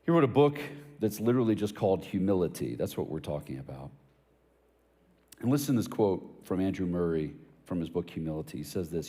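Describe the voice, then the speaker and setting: A pastor with a fairly low, mellow voice preaches in a church hall, and his words ring out with a long reverb. He swings widely in pitch as he tells casual stories with jokes, then turns to pointed, emphatic questions. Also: big pitch swings, fairly quick. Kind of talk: sermon.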